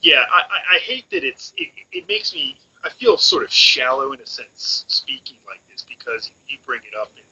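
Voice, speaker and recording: A man co-hosting a casual motorsports podcast, speaking haltingly with many restarts. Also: mid-range voice, huge pitch swings, creaky, pushed and bright. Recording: dull lo-fi audio with faint hiss.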